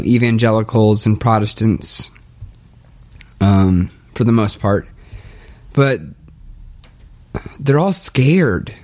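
Slow, halting young man, low in spirits. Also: darkish tone. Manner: halting, hesitant, full of restarts. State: low and dejected. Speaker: podcaster documenting his spiritual journey. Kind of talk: confessional monologue.

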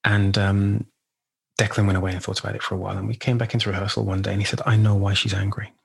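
Low, husky man, guest actor, halting and reflective, slips into quoted lines. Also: level tone. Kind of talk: conversational interview storytelling.

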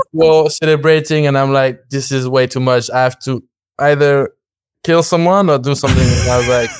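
Animated man telling a story. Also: medium pitch, clear, resonant tone, no echo, clean studio sound. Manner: animated, acts out quoted dialogue, laughs often, swears. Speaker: podcast guest. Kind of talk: casual storytelling.

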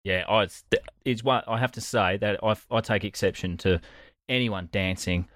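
An Australian-accented male podcast co-host spins a story with dry wit and casual curses as part of a comedic chat. His fairly low voice has a fairly bright tone at normal speed, with no echo.

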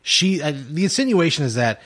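A man co-hosts a casual podcast, his fairly high voice swinging widely in pitch. He laughs easily and reacts with disbelief. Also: sing-song, a little fast, a bit bright. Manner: laughing, incredulous. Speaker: podcast co-host. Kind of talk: casual recap chat.

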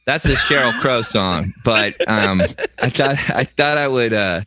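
A man's voice: medium pitch, measured pace, background noise. A man co-hosting a comedy podcast, riffing with jokey, sarcastic asides. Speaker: podcast co-host.

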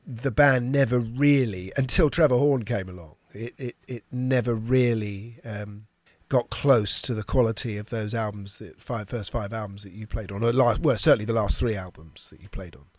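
A man's voice: on the low side, moderate pace, hardly any pauses, dry recording. A man hosting an interview, asking long, hesitant, rambling questions. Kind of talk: casual interview chat.

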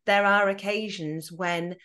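A woman's voice: mid-range voice, steady tone, fairly bright tone, clear, resonant tone. Thoughtful woman hosting a podcast. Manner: measured, thoughtful summarizing. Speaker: podcast host. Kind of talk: reflective interview summary.

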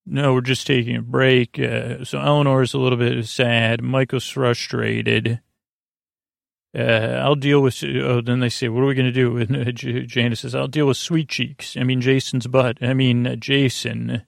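For a sleep podcast, a male host recaps a TV episode in a rough, creaky voice with flat delivery and barely moving pitch. He rambles and hesitates, filling gaps with pauses, and his voice is close and dry with no room sound.

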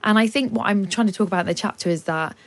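A woman, a guest author, talking at length in a radio studio with lively explanations and laughs. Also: medium pitch, fast.

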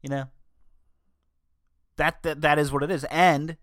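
A man's voice: fairly high pitch, little pitch movement, a little slow, a bit bright, dry recording, studio quality. A young man from northern Delaware hosting his own podcast, rambling in a casual chat with self-corrections and joking asides. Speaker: podcast host. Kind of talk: casual solo podcast monologue.

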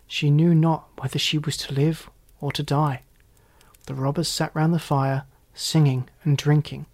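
A storyteller reads a fairy tale aloud in a mid-pitched voice. The narration is steady and even from line to line. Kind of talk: storybook reading.

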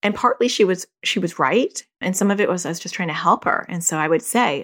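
Lively, somewhat low-voiced woman therapist. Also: a little fast, few pauses. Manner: animated storytelling, laughing and acting out quoted voices. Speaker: therapist and parent. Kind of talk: casual advice talk.

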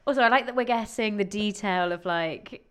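A woman's voice: medium pitch, moderate pace, fairly bright tone, clean tone. Dry-witted woman co-host. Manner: dry, teasing remarks. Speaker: podcast co-host. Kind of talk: casual chat.

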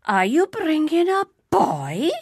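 A woman voicing a fussy old man who organizes a village outing, calling out in a shrill, shouting voice. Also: wildly swooping pitch, slow pace, no room sound, clean studio sound, heavily acted. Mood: horrified.

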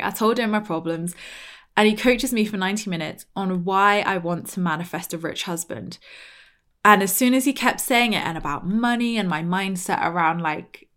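A woman's voice: mid-range voice, fairly bright tone. A British woman in her thirties, hosting a podcast and telling a personal story in a chatty, casual way, full of "like" and acted-out quotes. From Britain. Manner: chatty, lots of "like", acts out quoted lines. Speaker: podcast host.

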